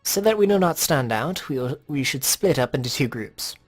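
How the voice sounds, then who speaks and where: Guy doing a calm polite strategist dude, measured and formal. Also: mid-range voice, faint music behind, lightly acted.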